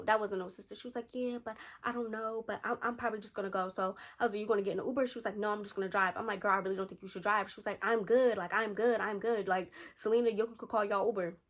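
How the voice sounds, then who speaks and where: A young adult woman, telling a storytime tale casually and acting out the lines of friends and a boyfriend. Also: mid-range voice. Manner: animated, acts out friends' and a man's lines in quotes. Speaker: storytime vlogger.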